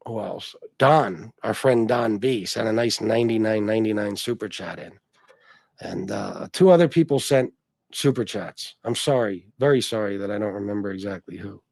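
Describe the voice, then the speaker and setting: Fairly low and gravelly, a little mellow, with no echo, this man's voice runs a casual livestream. He reads donations and viewer comments in a rambling, profane way, full of restarts.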